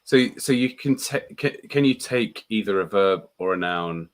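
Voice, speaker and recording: A man's voice: on the low side, animated, normal speed. A man hosting a casual Bible study livestream, curious and asking questions. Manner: curious, asks questions, reads out viewer comments. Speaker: host of a Bible study stream.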